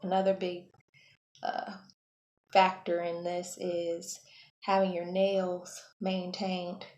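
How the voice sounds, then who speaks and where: Relaxed chatty woman, flat even voice. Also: lowish voice, slow. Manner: relaxed, chatty, self-correcting. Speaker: hair vlogger. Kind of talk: casual how-to vlog. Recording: echoey room, faint background hum.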